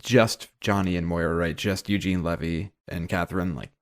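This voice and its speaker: A man's voice: deep voice, steady tone, normal speed. A man co-hosting a podcast, chatting casually with wry jokes. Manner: wry, joking. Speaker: podcast co-host.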